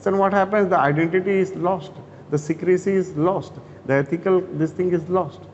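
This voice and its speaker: A man's voice: sits high, fairly even intonation, brisk, darkish tone, a little hiss or hum. A man with an Indian English accent giving a classroom lecture, talking conversationally, restarting phrases and checking in with "okay?". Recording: dull reverberant lecture hall.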